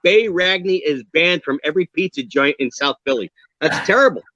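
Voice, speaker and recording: A man with a New York accent, a drummer being interviewed on a video call, talking in an animated, emphatic, joking way. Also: on the high side, brisk, highs cut off. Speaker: guest drummer. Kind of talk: casual interview chat.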